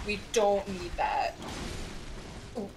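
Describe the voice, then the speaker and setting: A young woman streaming a horror game, reacting loudly with lots of swearing and jumpy outbursts. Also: medium pitch, steady tone, slow pace, background noise. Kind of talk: live game commentary.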